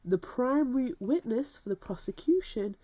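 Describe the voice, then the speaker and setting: A woman's voice: a little high, animated, normal speed, mellow. A woman co-hosting a podcast, reading out plot points and adding wry comments. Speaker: podcast co-host. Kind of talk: casual book discussion chat.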